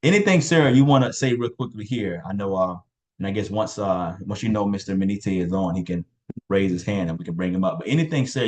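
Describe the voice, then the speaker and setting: A man's voice: sits low, a little mellow. A man hosting a motivational team call over video, hyping people up and repeating names and phrases. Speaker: call host.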